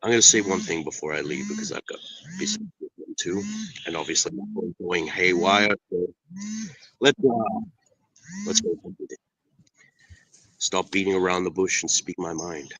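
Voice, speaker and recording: A man giving an in-character wrestling promo on a video call. He talks in an intense, boastful way, swears, and builds to shouts. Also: deep voice, big pitch swings, normal speed, husky, no room sound, rough recording. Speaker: pro wrestler guest.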